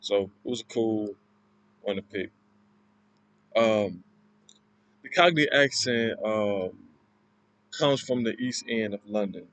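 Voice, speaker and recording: A man talks through a class presentation at an unhurried, slow pace. He explains haltingly and loosely. His voice sounds close and dry, with no room around it. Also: lowish voice, fairly bright tone, no echo, low-quality recording. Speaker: student presenter.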